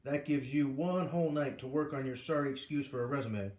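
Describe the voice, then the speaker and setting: A man's voice: mid-range voice, brisk, a little mellow, lightly acted. A man reading aloud, voicing a blustering, bullying corporate executive who hisses and snaps his threats, in a roomy recording. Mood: sneering. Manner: hissing, snapping, bullying. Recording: roomy echo.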